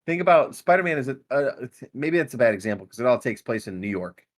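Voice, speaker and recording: A man's voice: medium pitch, very animated, quick pace. A man co-hosting a podcast in casual chat, teasing and pushing his co-host with banter.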